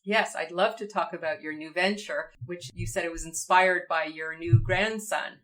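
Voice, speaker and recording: A woman hosting an interview, responding to her guest with warm, affirming comments. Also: on the low side, fairly even intonation, moderate pace, rough recording. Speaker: podcast host. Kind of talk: interview conversation.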